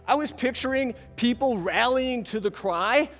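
Male speaker with a high, bright voice and an animated manner, telling a story while putting questions to the crowd in a reverberant hall. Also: a little slow, soft background music. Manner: animated, asks the audience questions. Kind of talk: storytelling talk.

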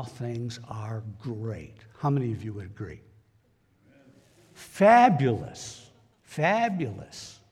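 Folksy male preacher with a husky voice, speaking plainly to the flock in a church with a long echo. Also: medium pitch, a little mellow. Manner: folksy, plain-spoken, talks directly to the congregation. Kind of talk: conversational sermon. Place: church sanctuary.

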